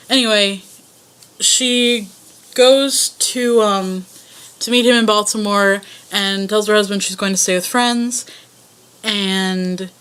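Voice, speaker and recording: A woman's voice: medium pitch, a bit bright, clear, resonant tone. A young woman casually answering a voice tag, telling rambling stories in a self-conscious way. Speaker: vlogger.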